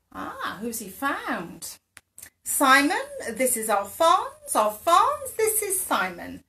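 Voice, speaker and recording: A woman hosting a live-streamed bedtime story for small children, reading gently and with animation. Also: high-pitched. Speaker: children's dance class host. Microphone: phone or webcam for a live stream.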